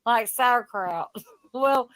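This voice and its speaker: A woman's voice: fairly high pitch, fairly bright tone, no room sound. A woman from Tennessee, hosting a casual late-night stream chat, bubbly and laughing often. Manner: bubbly, laughs a lot, drawn-out words. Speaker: live stream host.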